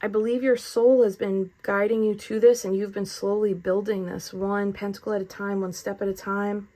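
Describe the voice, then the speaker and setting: A woman talks through a tarot reading in a relaxed, chatty way. She is earnest and effusive, with a spiritual warmth to how she frames things for her audience. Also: medium pitch, normal speed. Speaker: tarot reader. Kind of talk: casual spoken tarot reading.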